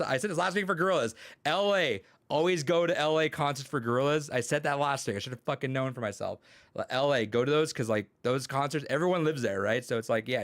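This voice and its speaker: A man's voice: mid-range voice, fairly bright tone, no room sound. A young man chatting casually on a podcast, telling rambling stories full of swearing and quoted dialogue. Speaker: podcast co-host and teacher. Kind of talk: casual chat.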